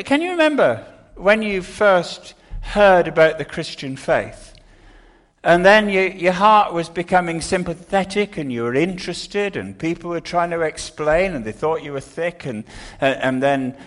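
An older man delivers a sermon in an earnest, unhurried way. His voice sits a little high for a man, and he often stumbles and restarts mid-sentence. He moves slowly through each point. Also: expressive, fairly bright tone. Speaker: preacher.

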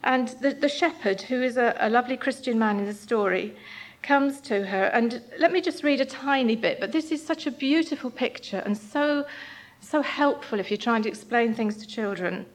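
A woman giving an earnest, gentle sermon in a church, sometimes reading passages aloud. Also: a little high, normal speed. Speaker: church speaker.

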